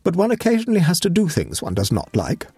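A stiffly offended gentleman speaks with cold, precise reproach as a narrator puts him on, a little above the reader's low voice. The husky reading sounds close and dry. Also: wildly swooping pitch, fast, no echo, soft background music, heavily acted.

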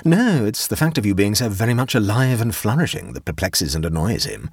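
A man reading a story aloud, voicing a sly, mischievous young gentleman who speaks with measured, deadpan gravity. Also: fairly low pitch, gravelly, slightly rough, dry recording, clean studio sound, voice pushed up, exaggerated voice. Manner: measured, deadpan, arch delivery. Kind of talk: audiobook character voice.

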